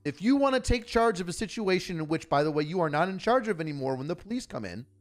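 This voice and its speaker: A man's voice: high voice, very animated, quick pace, soft background music. Blunt, profane man. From Buffalo, New York. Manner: blunt, profane, storytelling with acted dialogue. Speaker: retired police officer commentating news. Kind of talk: casual livestream commentary.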